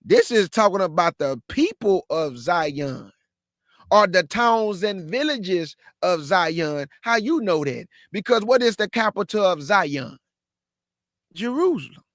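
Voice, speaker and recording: A man's voice: sits high, big pitch swings, takes it slowly, fairly bright tone, no echo, clean studio sound. A man who hosts a show and teaches scripture informally, with slangy talk and many rhetorical questions. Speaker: host and Bible teacher.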